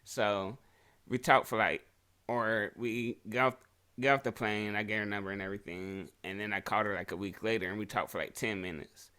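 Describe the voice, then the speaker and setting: A man's voice: fairly low pitch, fairly even intonation, fairly quick, sharp tone, smooth. A man co-hosting a podcast, telling a crude story in casual chat and laughing often as he goes. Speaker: podcast co-host.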